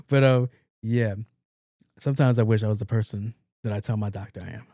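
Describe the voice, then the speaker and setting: A man's voice: mid-range voice, moderate pace, warm tone, dry recording, clean studio sound. A man in his late thirties, a podcast host, telling a comedic story alone, acting out both sides of the conversation, laughing and swearing casually. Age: 30s.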